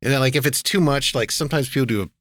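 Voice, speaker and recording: Speaking rapid-fire at a medium pitch, a podcast host chats casually about TV shows in a dry recording. He rambles, leans on fillers, and tosses in wry asides.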